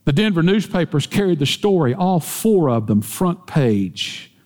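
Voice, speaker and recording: A man preaching in a church sanctuary, his voice sitting a little high for a man and carrying a long hall reverb. He talks slowly and deliberately, pressing each point with emphasis and rising as he quotes scripture. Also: very animated, darkish tone. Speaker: pastor. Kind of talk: sermon.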